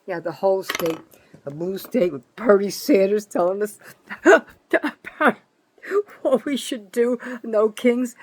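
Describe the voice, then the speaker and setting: Older woman in her 70s, fired-up solo political rant, swears a lot, hammers her points over and over. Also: mid-range voice. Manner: angry, profane, accusatory; emphatic, repeats herself for stress. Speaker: citizen vlogger. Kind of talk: ranting political monologue.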